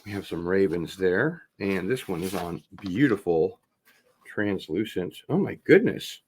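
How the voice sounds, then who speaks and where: A man's voice: deep voice, a little mellow, slight background noise. A man hosting a casual vinyl record unboxing, chatting as he opens packages and wandering off on tangents. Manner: rambling, drawn-out, talks things over while opening packages. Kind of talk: casual livestream unboxing chat.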